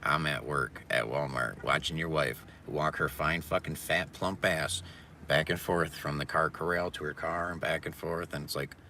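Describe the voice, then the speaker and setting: Deep-voiced man ranting bluntly. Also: steady tone, moderate pace, pushed and bright, slight background noise. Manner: profane, blunt and mocking. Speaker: live streamer. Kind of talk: casual ranting monologue. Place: indoors near a mirror.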